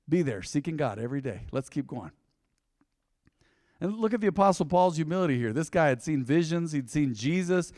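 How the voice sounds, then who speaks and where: In a church sanctuary, a man preaching as pastor speaks in a fairly high, animated voice that is a little mellow and fairly quick. His sermon is loose and jokey, and he calls on the congregation to answer him. The sound is clean studio audio, dry, with a big-room feel.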